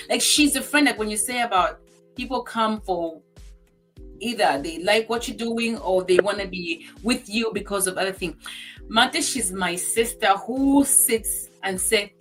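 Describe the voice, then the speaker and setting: A woman's voice: medium pitch, measured pace, a bit bright, faint music behind. A woman on a talk show, speaking in an emphatic, heartfelt way as she tells personal stories. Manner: acts out friend's remarks in quoted voices. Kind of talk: casual chat.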